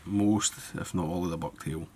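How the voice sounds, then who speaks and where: A man giving a relaxed step-by-step fly-tying tutorial, thinking aloud as he works. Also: low-pitched, moderate pace, breathy edge.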